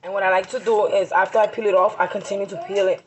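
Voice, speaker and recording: A woman's voice: mid-range voice, level tone, quick pace, lo-fi sound. A woman and mother filming a casual cooking vlog in her hot home kitchen, chatty and flustered, talking straight to her viewers. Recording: loud background noise from kids. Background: noisy children.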